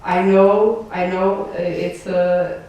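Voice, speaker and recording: A woman's voice: on the low side, flat delivery, takes it slowly, a little mellow, lo-fi sound. A young Portuguese woman, a native Portuguese speaker, giving an emotional, rambling farewell speech with laughs between her thanks. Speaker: outgoing board member giving a closing speech. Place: large echoey event hall. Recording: echoey hall, distant mic, faint noise.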